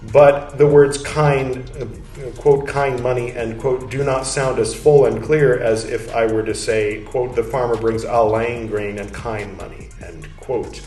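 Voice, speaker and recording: A man's voice: mid-range voice, steady tone, unhurried, a little mellow, recorded from a distance. A male podcast host reading a historical text aloud, speaking each "quote" and "end quote" marker, then moving into candid, chatty commentary. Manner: candid, chatty asides with fillers. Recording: roomy echo, off-mic, faint music.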